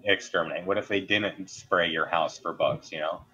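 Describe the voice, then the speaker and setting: A man's voice: low-pitched, steady tone, moderate pace, sharp tone, slightly rough, muffled recording. A man chatting casually and laid-back, chiming in with agreement and the odd swear word. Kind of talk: casual chat.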